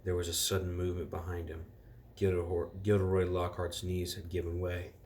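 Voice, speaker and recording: A man reading a storybook aloud to children in a relaxed way, stopping now and then to correct himself and reread. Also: sits low, fairly quick, slight background noise.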